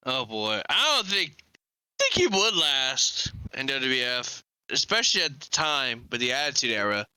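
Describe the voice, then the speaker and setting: A man's voice: medium pitch, very animated, normal speed, sharp tone, smooth, no echo. A man hosting a casual live podcast, chatting loosely and rambling about wrestling. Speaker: podcast host.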